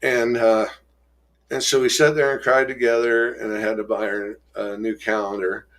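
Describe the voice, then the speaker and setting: Middle-aged man, low voice, halting and emotional, restarts often, raises his voice for quoted people. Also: little pitch movement, fairly bright tone. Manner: halting and emotional, many restarts and trailing pauses. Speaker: guest telling his recovery story. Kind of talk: personal storytelling.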